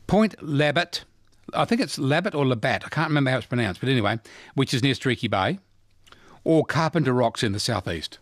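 A man's voice: mid-range voice, expressive, fairly quick, no echo, studio quality. A man in his sixties with an Australian accent, hosting a casual talkback radio quiz and chat, laughing often and restarting his sentences. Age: 60s.

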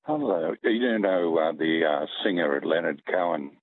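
Low-voiced man calling in, hesitant. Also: lively intonation, measured pace, husky. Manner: hesitant, self-deprecating. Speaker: caller. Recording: dull phone line.

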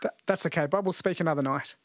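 Radio quiz host man, slightly high voice. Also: fast talker. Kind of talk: radio call-in quiz hosting. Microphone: studio mic.

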